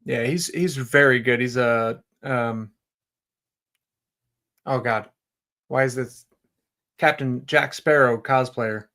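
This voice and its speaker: A man's voice: medium pitch, slow pace, long pauses, bright, forceful tone. Easygoing male streamer guest. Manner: easygoing, laughs often, earnest. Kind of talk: casual interview chat.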